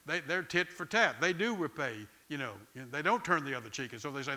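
A middle-aged pastor, preaching in a conversational, storytelling way and often repeating words. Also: male voice, fairly high pitch, animated, fast talker, few pauses, sharp tone. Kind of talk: sermon.

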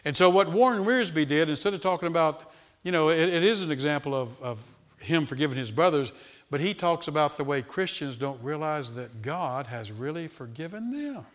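A man with a slightly high, expressive voice preaches an expository sermon at a moderate pace, reading and explaining a passage. He often repeats words as he begins a thought.

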